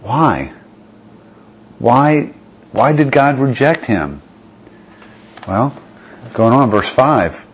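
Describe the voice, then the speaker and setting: A man's voice: medium pitch, very animated, slow, pauses often, slightly rough, highs cut off. A man preaching a sermon, reading scripture aloud and asking his listeners rhetorical questions.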